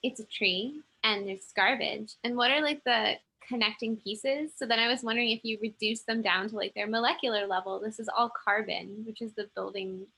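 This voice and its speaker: Woman co-host, high and bright, muses aloud and giggles. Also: moderate pace, few pauses, slightly rough, rough recording. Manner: thinks aloud, giggles at own ideas. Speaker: podcast co-host. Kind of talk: casual group chat.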